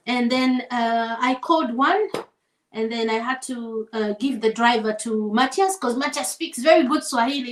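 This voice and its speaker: A woman from Zambia, a guest singer telling stories in a relaxed conversation, animated and quick to laugh. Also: fairly high pitch, echoey room, low-quality recording. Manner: animated storyteller, laughs often, acts out voices. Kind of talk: casual storytelling conversation. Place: home setting over a shared meal.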